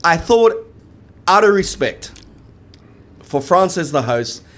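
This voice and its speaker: A man co-hosting a rugby show, chatting in lively, jokey banter. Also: fairly high pitch, slow. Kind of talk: casual sports chat.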